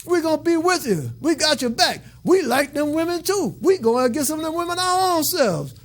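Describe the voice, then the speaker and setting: A man's voice: very high voice, lively intonation, fairly quick, pitched above the performer's own voice. A man voicing a band of eager male fallen angels who talk in slangy, boastful buddy talk.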